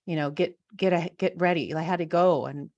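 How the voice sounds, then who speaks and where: A woman's voice: on the low side, a little fast, darkish tone, muffled recording. A woman in her thirties hosting an interview, chatting personally with lots of fillers and restarts. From Washington state. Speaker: host. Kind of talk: casual conversational interview.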